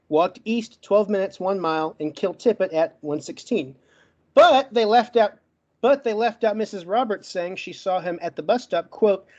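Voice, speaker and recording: A man giving a debate closing argument in a rapid, list-like way, with a stutter that makes him get stuck on words. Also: high-pitched, darkish tone, muffled recording. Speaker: debate participant.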